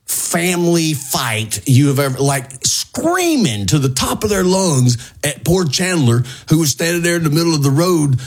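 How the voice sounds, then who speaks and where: A middle-aged man with a slightly husky voice, pitched a little high for a man, spins a casual story on a radio show. He talks in an animated way and breaks into yelping impressions of the people in his tale. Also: normal speed, hardly any pauses. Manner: animated storyteller, mimics shouting neighbors in high yelps.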